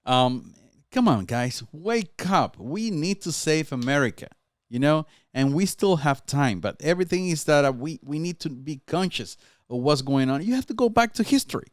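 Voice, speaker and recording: A man's voice: on the high side, lively intonation, moderate pace, no echo. A man with a Dominican Spanish accent, a Spanish speaker, talking politics as a guest in a casual chat in a fervent, urging way. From Dominican Republic. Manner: fervent, urging, tags lines with "right?".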